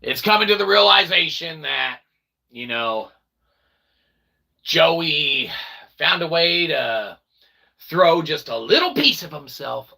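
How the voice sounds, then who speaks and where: A man hosting his own vlog, chatting casually and rambling, joking and breaking into loud exclamations. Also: on the high side, slow, vocal fry, long pauses, slightly rough. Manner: animated, jokey, bursts of loud exclaiming. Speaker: independent developer and channel host.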